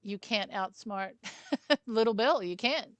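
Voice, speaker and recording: A woman's voice: medium pitch, slow, a bit bright, no echo. Female podcast co-host, short interjections, dry recording. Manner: chips in with short comments and agreement. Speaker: film review podcast co-host. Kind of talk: casual film discussion.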